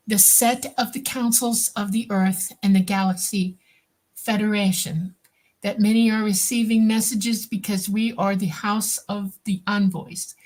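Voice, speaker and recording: A woman under hypnosis, slowly describing visions in a halting way. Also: mid-range voice, darkish tone. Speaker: hypnosis client.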